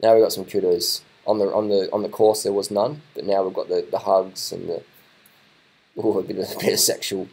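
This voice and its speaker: A man talks through footage in a loose, off-the-cuff reaction commentary. His voice sits a little low, and he gets excitable, repeating himself and swearing casually as he goes. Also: brisk, husky, low-quality recording. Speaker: video commentator.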